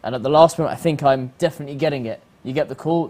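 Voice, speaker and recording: A man hosting a reflective religious talk, animated and acting out the voices he quotes. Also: medium pitch, racing, slight background noise. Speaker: host.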